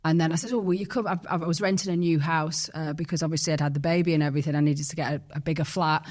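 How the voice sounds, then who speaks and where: Brief: woman, podcast guest, lowish voice, candid and chatty. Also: flat delivery, darkish tone. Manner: chatty and candid, quoting others in quick asides. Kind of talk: casual chat.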